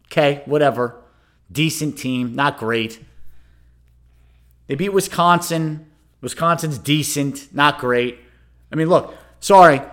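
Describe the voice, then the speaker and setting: A man's voice: mid-range voice, a bit bright. A middle-aged man hosting solo sports commentary, ranting sarcastically and turning to listeners with "okay?" asides. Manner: ranting, sarcastic, rising to exasperated outbursts; addresses listeners directly, frequent "okay?" asides. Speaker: sports talk host.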